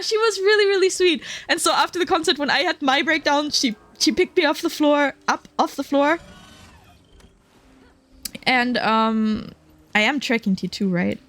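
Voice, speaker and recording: A woman's voice: sits high, fairly bright tone. A woman streamer chatting casually while she plays a game, giggling a lot between lots of fillers. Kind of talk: casual chat while gaming.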